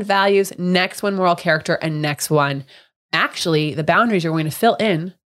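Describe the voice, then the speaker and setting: A woman's voice: medium pitch, a bit bright. A woman in her thirties co-hosting a podcast, talking in a frank, upbeat way and swearing casually. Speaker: podcast co-host.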